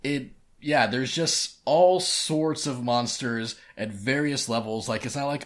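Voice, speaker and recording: A man's voice: medium pitch, unhurried, hardly any pauses. A man co-hosting a podcast in casual chat, rambling and often restarting his sentences. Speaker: podcast co-host.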